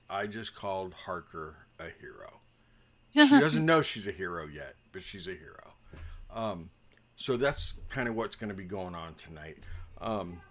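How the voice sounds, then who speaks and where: A man's voice: sits low, a bit bright. Rambling, joking dungeon master man. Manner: rambling and joking, many ums. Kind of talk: casual chat before a tabletop game stream.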